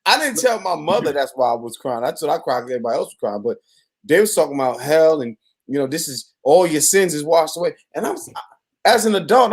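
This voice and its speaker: A man, a poet guest, telling a story in casual conversation, laughing and animated. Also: on the high side, fast talker, slightly rough.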